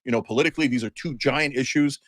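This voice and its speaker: A man's voice: medium pitch, quick pace, a bit bright, no room sound. A man delivering heated, sarcastic political commentary as the host of a talk show, ranting with emphasis.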